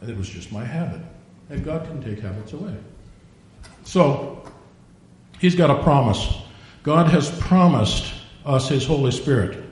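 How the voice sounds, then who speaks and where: A man's voice: animated, a little slow, a little mellow. An older man preaching a sermon, a digressive storyteller who acts out the quotes he tells. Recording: very echoey room, faint rumble.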